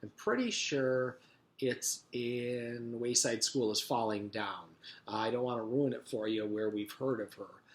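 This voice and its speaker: A male teacher reading a children's chapter book aloud to his class in a relaxed, casual way. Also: mid-range voice, unhurried. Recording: roomy echo.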